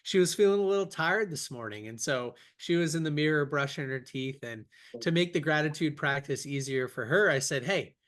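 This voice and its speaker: An enthusiastic young podcast host tells upbeat stories during a casual interview held over a video call. He speaks a little fast, with an expressive, fairly bright voice on the high side.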